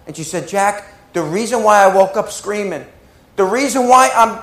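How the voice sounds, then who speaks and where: A man preaching a sermon, telling stories with swings between hushed and loud delivery. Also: extremely high pitch, animated, fairly quick, roomy sound, poor audio. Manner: emotional, dramatic storytelling with swings from hushed to loud. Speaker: pastor.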